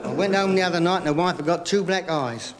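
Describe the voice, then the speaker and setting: A man doing stand-up comedy, telling joke after joke in a brisk patter full of "he said", recorded live on stage. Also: high voice, a crowd in the background. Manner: rapid gag patter with repeated "he said". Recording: live vinyl recording in a hall with audience laughter.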